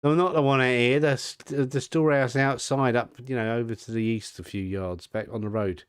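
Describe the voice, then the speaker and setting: A man's voice: mid-range voice, steady tone, fairly quick, clear, resonant tone. A man, a player in a tabletop game, teasing and joking crudely in casual chat.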